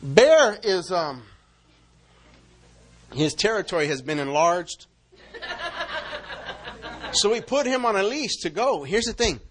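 High bright-voiced animated preacher man. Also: takes it slowly, long pauses, slight background noise. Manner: animated, loud acted-out calls and laughter. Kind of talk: storytelling sermon.

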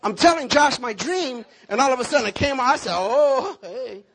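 High-voiced, animated preacher. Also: male voice, fast talker, some chatter behind. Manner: animated storytelling with prophetic declarations. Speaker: pastor. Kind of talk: sermon.

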